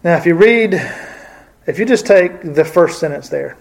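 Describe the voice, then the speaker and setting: A man's voice: on the high side, lively intonation, normal speed, gravelly. A man teaching a casual Bible study, talking hesitantly with many fillers and restarts.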